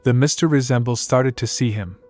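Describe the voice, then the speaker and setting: A man narrating a comic recap in an even, steady storytelling manner. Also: medium pitch, a little fast, no room sound. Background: faint background music.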